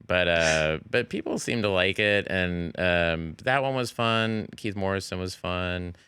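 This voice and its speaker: A man chatting as a talk show guest, telling animated stories about his comedy work. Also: deep voice, unhurried, clear, resonant tone, dry recording, studio quality. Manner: animated storytelling, slips into character voices and laughs. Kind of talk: casual talk show chat.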